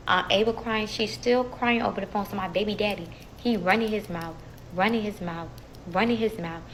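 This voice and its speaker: A woman's voice: mid-range voice, slight background noise, low-quality recording. A young adult woman telling a heated story to her viewers in a casual, emotional vlog style, talking straight to them as y'all. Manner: chatty, addresses viewers as y'all. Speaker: storytime vlogger.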